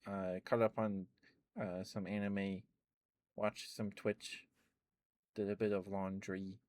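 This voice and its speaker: A young man talks softly into a close mic in a relaxed ASMR chat at home. His voice sits a little low and sounds dry and near. He rambles, laughs often and repeats himself. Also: slow pace, no room sound. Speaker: ASMR streamer. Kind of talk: soft-spoken ASMR chat.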